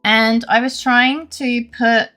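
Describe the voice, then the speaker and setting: A woman's voice: a little high, fairly even intonation, takes it slowly, sharp tone, soft background music. A young British woman streaming live, rambling and chatting with her viewers through fillers and restarts, while she has a headache. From Britain. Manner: rambling, greets chat often, many fillers and restarts. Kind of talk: casual live-stream chat.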